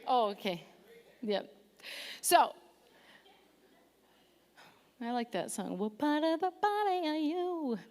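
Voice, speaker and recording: Woman preacher with a bright, high voice and a lively delivery, warm self-deprecating humor, recorded in a church with a long reverb tail. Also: a little slow. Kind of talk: sermon. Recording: long reverb of a large hall.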